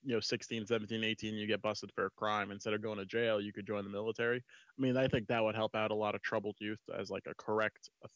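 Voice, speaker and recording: A man talks fast and at length, piling up points with emphatic, rambling energy. His mic sounds dry and dull, with little room around it. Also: lowish voice, flat delivery, a bit bright, no echo. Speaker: panel guest. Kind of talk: casual debate chat.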